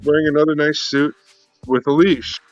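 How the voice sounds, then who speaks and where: A man's voice: fairly high pitch, flat delivery, moderate pace, dry recording. Man, co-host, rambling foul-mouthed joke teller; slightly muffled recording, faint music. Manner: profane, rambling storyteller. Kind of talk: casual joke telling.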